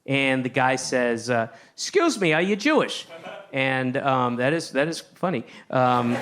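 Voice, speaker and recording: A man doing a stand-up routine, telling a rambling story with lots of restarts and sudden shouted outbursts. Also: medium pitch. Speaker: stand-up comedian. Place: comedy stage with a live audience.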